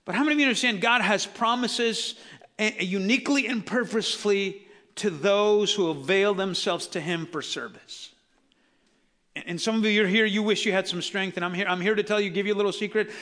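A man preaching a sermon as a pastor, conversational and animated, acting out Bible characters with casual asides. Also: sits high, fairly quick.

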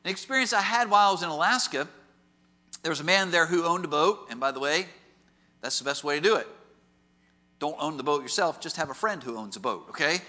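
Male preacher, sermon, animated storyteller, ringing tone with long hall echo. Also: fairly high pitch, fairly quick, long pauses. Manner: animated storytelling with rhetorical questions. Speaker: pastor. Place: large auditorium.

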